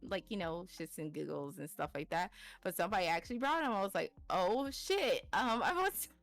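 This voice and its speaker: A woman's voice: fairly low pitch, expressive, quick pace, gravelly, fairly bright tone, soft background music. A woman guest in a casual chat, rambling with lots of fillers and frequent laughs, on a streaming mic at home. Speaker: interview guest, VTuber.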